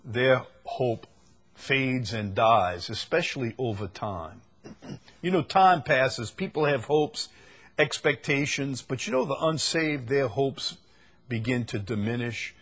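A man preaching a sermon at a slow, deliberate pace, his voice slightly husky. He teaches verse by verse and repeats his key phrases for emphasis. His pitch sits in an ordinary middle range. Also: expressive, fairly bright tone. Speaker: pastor.

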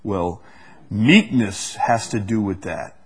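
A man leading a conversational Bible study, reading verses slowly and with weight, then explaining them with easy laughs. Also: fairly low pitch, breathy edge. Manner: animated, stresses quoted verses slowly, laughs often. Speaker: Bible teacher.

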